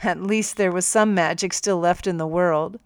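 A woman narrating a first-person story for an audiobook in a calm, measured way. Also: fairly low pitch, clean tone, no echo, studio quality.

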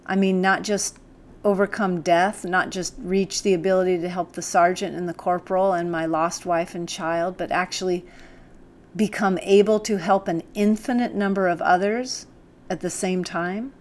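A woman's voice: lowish voice, steady tone, normal speed, lightly acted. A woman reading an audiobook, voicing a bewildered, earnest male army captain who speaks urgently.

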